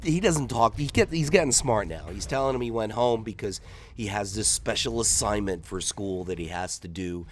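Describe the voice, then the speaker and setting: A man's voice: on the low side, moderate pace, faint music behind. A man doing gameplay commentary, telling a long rambling joke and acting out the characters in raised voices.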